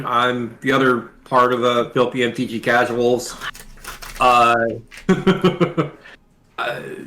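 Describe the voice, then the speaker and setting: A man introducing himself as a player on a game stream, relaxed and friendly in a casual chat. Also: mid-range voice, slight background noise.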